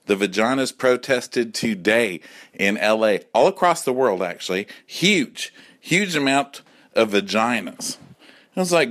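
A man's voice: on the low side, normal speed, a bit bright. A man in his forties delivering a campy, profane comic monologue at home, often acting out other voices. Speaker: comedy podcast host.

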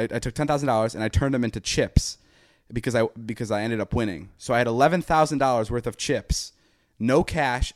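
A man's voice: mid-range voice, no room sound, studio quality. A man in his twenties, a podcast host, telling a long story in casual chat, swearing often and acting out what people said. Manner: profane, animated, acts out quoted dialogue.

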